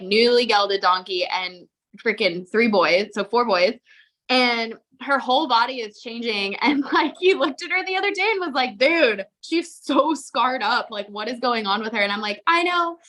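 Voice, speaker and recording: A young woman talking loosely on a podcast, her voice bright and forward. She rambles in a chatty, candid way, stacking up "like" and dropping the odd swear word. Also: mid-range voice. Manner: chatty, swears freely, full of likes. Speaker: podcast co-host. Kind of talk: casual chat.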